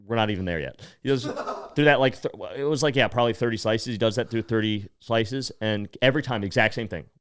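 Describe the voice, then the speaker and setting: A man's voice: medium pitch, brisk, hardly any pauses, clear, resonant tone, no echo, studio quality. A man co-hosting a comedy podcast who tells a story in a rambling way, full of "like". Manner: animated, rambling, lots of "like". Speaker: podcast co-host.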